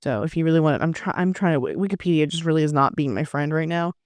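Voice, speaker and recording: A woman co-hosting a casual podcast chat, teasing her husband and jumping in with quick comments. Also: low voice, darkish tone, no room sound. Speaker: co-host, the host's wife.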